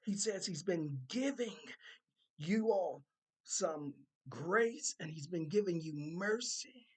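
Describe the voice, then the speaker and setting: A husky, slightly breathy voice, mid-pitched and unhurried, delivers a prophetic warning with stern repetition. Each line comes slowly and deliberately, hammering the same phrases again and again. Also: lively intonation, a little mellow. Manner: slow, repetitive, emphatic delivery relaying God's words. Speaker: content creator delivering a prophetic word.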